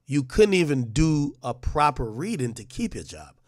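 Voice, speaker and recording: A man's voice: on the high side, sing-song, normal speed, no echo, clean studio sound. A man hosting a livestream, delivering a brash, profane roast monologue full of mocking jabs and stammered restarts. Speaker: livestream host.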